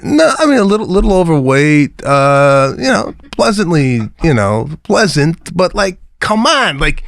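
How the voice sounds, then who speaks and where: A man's voice: on the high side, unhurried. A man co-hosting a comedy podcast, telling stories with acted-out dialogue. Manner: animated storyteller, acts out dialogue. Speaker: podcast co-host. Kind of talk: casual comedic storytelling.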